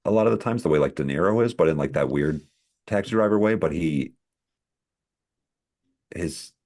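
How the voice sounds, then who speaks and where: Podcast co-host, man, extremely deep voice, rambling casual delivery. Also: expressive, moderate pace, darkish tone. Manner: rambling, full of "like" fillers. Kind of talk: casual chat.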